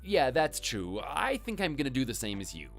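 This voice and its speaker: A man voicing a calm young husband in an animated story, talking in a plain easygoing way. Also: medium pitch, moderate pace, vocal fry, faint music behind. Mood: relaxed.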